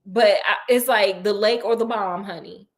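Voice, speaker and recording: A woman casually recapping a horror novel, animated and playful, acting out characters' lines in quick asides. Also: mid-range voice. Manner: playful and sassy. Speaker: book recap host. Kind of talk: casual book recap storytelling.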